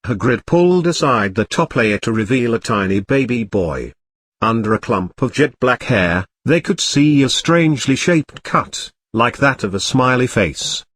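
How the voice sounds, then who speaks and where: A man narrating a comic parody storybook in an even, plain reading. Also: mid-range voice, a little slow, dry recording.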